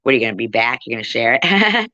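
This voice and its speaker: A woman's voice: extremely low pitch, very animated, fast talker, bright, forceful tone, no room sound. A woman hosting a casual livestream, teasing and joking with her viewers. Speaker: livestream host. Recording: dull lo-fi sound.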